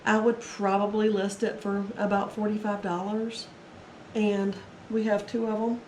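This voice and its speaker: Casual haul talk from a reseller vlogger who is recovering from illness, so her voice sounds a bit strained. Her mid-range, slightly mellow voice is flat and measured as she chats and rambles about her resale finds. There's a little hiss or hum, and the room is echoey with faint ambience.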